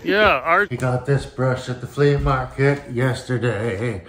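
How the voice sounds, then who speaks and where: A man rambling through a jokey, absurd street vlog outdoors, swearing and breaking into sudden squeaky outbursts. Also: expressive, unhurried, a bit bright. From Canada. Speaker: vlogger. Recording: outdoor street noise and traffic.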